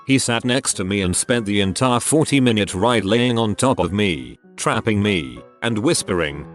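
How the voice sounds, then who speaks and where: A man reading internet stories aloud as a narrator, with an expressive delivery and brief asides of his own. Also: fairly low pitch. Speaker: story narrator.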